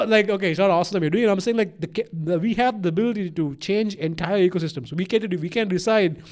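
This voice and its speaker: Rambling, profane young man with a mixed accent. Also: high voice. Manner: rambling, profane, animated, many restarts. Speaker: podcast co-host. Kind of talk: casual chat.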